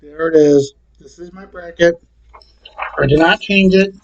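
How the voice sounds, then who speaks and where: A man casually talking to camera and reading out his picks in a plain, repetitive way with halting restarts. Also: fairly high pitch, highs cut off. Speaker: vlogger.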